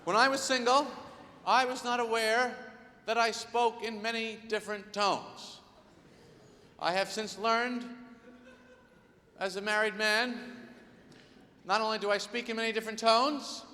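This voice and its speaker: A man performing a live stand-up routine in a large concert hall, with exasperated, incredulous observations and quick voice impressions. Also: high voice, little pitch movement, bright, forceful tone. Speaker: stand-up comedian. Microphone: soundboard feed from a stage mic. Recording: live hall board recording with faint reverb.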